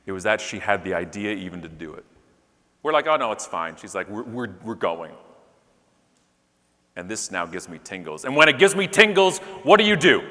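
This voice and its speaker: A man giving a comedic keynote speech to a live audience, joking and talking straight to the crowd. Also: fairly low pitch. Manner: animated, joking, talks to the crowd. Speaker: keynote speaker. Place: large conference hall with live audience. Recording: long hall reverb.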